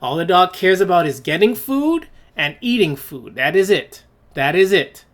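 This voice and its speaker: This podcast host's high-pitched voice swings widely in pitch as he speaks at a normal speed. Alone on his opinion show, he's scornful and blunt, launching rhetorical questions and restarting phrases.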